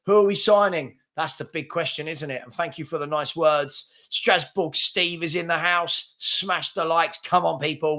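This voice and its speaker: A man's voice: a little high, unhurried, few pauses, sharp tone. A man, hosting a casual live football chat stream, reading out viewer comments in a chatty, rambling and self-deprecating way, tired from an early start. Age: 40s. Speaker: football channel host.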